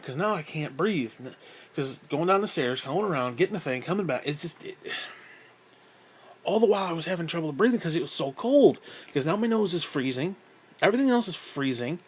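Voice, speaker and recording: A man's voice: on the high side, animated, brisk, a little hiss or hum. A man telling a rambling, profane story in a casual monologue, slightly out of breath. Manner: profane, rambling, self-talk asides.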